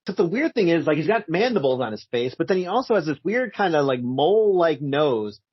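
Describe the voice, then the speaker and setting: A man's voice: on the high side, very animated, fairly quick, slightly rough, no echo, lo-fi sound. A man co-hosting a casual comic book talk, adding wry, joking asides. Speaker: podcast co-host.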